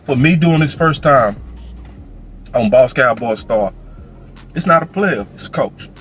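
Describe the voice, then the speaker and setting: Animated man doing playful sports commentary. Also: mid-range voice, measured pace, soft background music. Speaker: sports show host.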